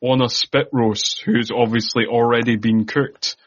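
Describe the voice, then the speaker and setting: A man's voice: medium pitch, fairly even intonation, a little slow, breathy edge, muffled recording. A man co-hosting a podcast, chatting casually and adding background facts about a film. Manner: chatty, adds trivia, laughs often. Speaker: podcast co-host. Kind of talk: casual movie discussion.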